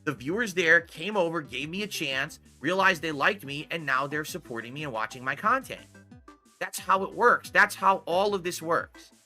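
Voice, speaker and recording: A man's voice: on the high side, animated, normal speed, bright, forceful tone, faint music behind. A man from Connecticut streaming live, rambling defensively and answering his chat. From Connecticut, United States.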